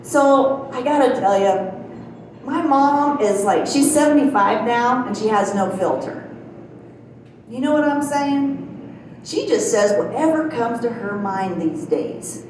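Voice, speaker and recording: A middle-aged woman does stand-up in a small club, spinning folksy stories and chuckling at her own punchlines. Her voice sits fairly high and rings through a very echoey room. She is picked up from a distance over a faint hiss. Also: expressive, measured pace, a little mellow. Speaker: stand-up comedian. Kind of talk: stand-up comedy set. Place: small comedy club stage.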